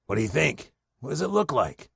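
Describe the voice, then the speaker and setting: A man's voice: mid-range voice, sing-song, brisk, vocal fry, fairly bright tone, husky, dry recording, clean studio sound, full character voice. A man doing a sly, cunning sailor. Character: grim, cunning sailor plotting revenge.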